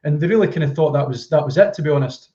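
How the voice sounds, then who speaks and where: A man with a Scottish accent, a fitness coach guest on a remote call, answering in a polite, measured, slightly formal way. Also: on the high side, mellow. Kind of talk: casual interview answers. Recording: echoey, dull remote call audio.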